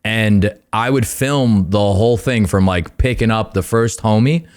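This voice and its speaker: A man's voice: fairly low pitch, measured pace, a little mellow. Rambling young man telling stories. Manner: rambling storyteller, many fillers, swearing. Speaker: podcast guest. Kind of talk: casual chat.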